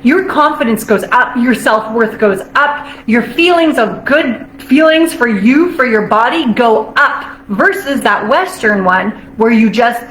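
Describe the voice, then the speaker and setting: Bubbly high-voiced woman in an echoey room. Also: fairly bright tone. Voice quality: bubbly, laughs often, drawn-out emphatic phrases. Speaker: nutrition coach. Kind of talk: casual motivational talk to camera.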